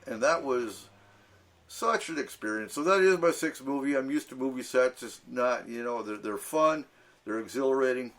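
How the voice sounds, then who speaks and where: Bright-toned and animated, this radio talk show host speaks at medium pitch and normal speed. He tells anecdotes in casual chat, mimicking the people he quotes, laughing a lot and leaning heavily on fillers.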